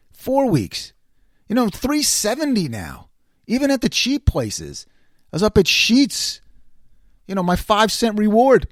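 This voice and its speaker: A man in his fifties hosting his own casual talk show, rambling and self-mocking as he jumps from quiet muttering to loud exclaiming. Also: extremely high pitch, no room sound, clean studio sound. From New York. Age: 50s. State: slight voice cracks. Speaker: host.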